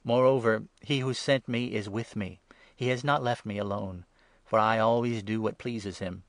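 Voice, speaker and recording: A man reading the words of Jesus as a solemn male teacher in a measured way, louder and higher on key phrases. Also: steady tone, no echo, natural voice. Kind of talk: scripture reading.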